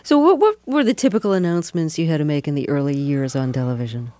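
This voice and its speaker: A woman interviewer with a somewhat low voice asks curious, playful questions. Her speech is close to the mic in a dry studio. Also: lively intonation, fast talker, dark tone, no echo. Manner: curious, playful, laughs easily. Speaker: interviewer, host. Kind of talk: radio interview.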